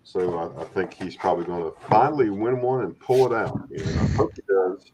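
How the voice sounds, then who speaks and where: Deep-voiced man chatting on a stream. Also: lively intonation, a little fast, dull audio. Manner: rambling, friendly, repeats words. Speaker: stream host. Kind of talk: casual livestream chat. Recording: faint background noise.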